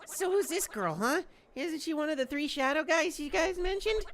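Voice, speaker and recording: A man putting on a perky goomba girl from a game, pitched well above his own voice. She fires off nosy questions while he reads the dialogue aloud, and her voice swings widely up and down. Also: lively intonation, normal speed, fairly bright tone, slight background noise. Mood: suspicious. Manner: high, nosy. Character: perky young female goomba student.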